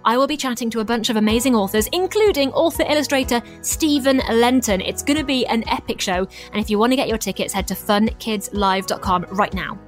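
A woman's voice: a little high, a little fast, hardly any pauses, faint music behind. A woman hosting a children's podcast, upbeat and chatty as she signs off. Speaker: podcast host. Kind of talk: show sign-off.

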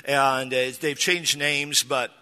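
Animated pastor in a reverberant hall. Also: male voice, mid-range voice, slow pace. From Texas. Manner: animated, self-deprecating, jokey asides. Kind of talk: sermon with humorous storytelling.

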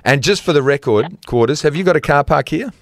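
A man's voice: on the high side, lively intonation, brisk, slight background noise. An Australian man in his fifties co-hosting a football podcast, rambling through stories and chuckling often. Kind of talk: casual sports chat.

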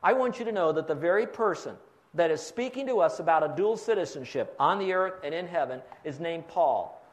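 A man's voice: a little high, lively intonation, brisk. A pastor preaching a sermon, explaining step by step and quizzing his congregation for fill-in answers.

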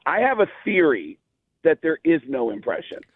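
A man's voice: on the high side, huge pitch swings, moderate pace, no room sound. Rambling man on a tinny phone line. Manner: rambling storyteller, many fillers. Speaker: comedian guest. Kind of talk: casual radio phone chat.

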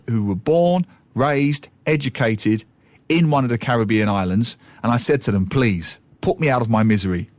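A man talking on the radio with a lot of swing in his pitch, playful and animated as he slips into little imitations. The sound is close and dry, with no room around it. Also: no echo. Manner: animated, playful, mimics voices and accents. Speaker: radio co-host, language commentator. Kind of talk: casual radio chat.

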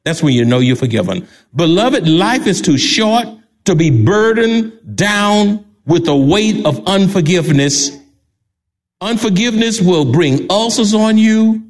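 Animated high-voiced older Texan preacher. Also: male voice, measured pace. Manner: emphatic preaching with repeated phrases. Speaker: pastor. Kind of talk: sermon.

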